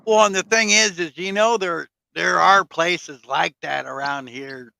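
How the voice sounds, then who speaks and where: A man's voice: sits high, a little slow, gravelly, sharp tone, dry recording, low-quality recording. A man in casual chat, telling rambling stories with fillers, swearing and frequent laughter.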